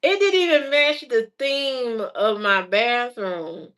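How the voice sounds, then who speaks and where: A woman's voice: fairly high pitch, slow, a bit bright. An adult woman telling stories in a casual, chatty way, laughing often as she goes. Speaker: vlogger. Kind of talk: casual storytelling.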